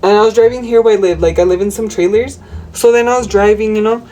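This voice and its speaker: A woman's voice: medium pitch, steady tone, fast talker, warm tone, a little hiss or hum, rough recording. A woman chatting through a casual home cooking vlog, rambling and crude, with Spanish slang mixed into her English. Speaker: cooking vlogger. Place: home kitchen.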